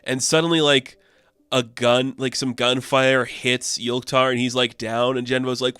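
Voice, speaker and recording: A man's voice: medium pitch, level tone, unhurried, fairly bright tone, smooth, no echo. A young man casually recapping a comic book issue, rambling with fillers and laughs.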